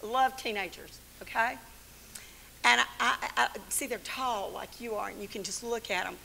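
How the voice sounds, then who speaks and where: An older woman teaching the Bible to a women's church gathering in an animated, folksy sermon full of stories and laughs. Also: a little high, normal speed, creaky, slight background noise. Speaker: Bible study teacher and speaker.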